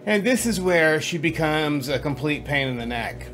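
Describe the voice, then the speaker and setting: A man's voice: a little high, unhurried. A man giving casual playthrough commentary, chatty and self-deprecating, laughing at his own slips. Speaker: gaming channel host. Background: game music.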